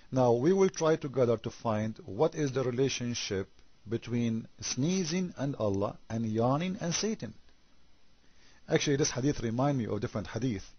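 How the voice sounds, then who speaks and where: A man giving a sarcastic critical commentary monologue, firing off rhetorical questions and stumbling into halting repetitions. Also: medium pitch, husky, no echo, lo-fi sound.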